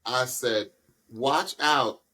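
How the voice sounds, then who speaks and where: A man co-hosting a podcast in casual chat, animated and talking like a voice teacher, often jumping up high in pitch when excited. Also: drawn-out words. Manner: takes on a voice teacher's advising tone. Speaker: podcast co-host.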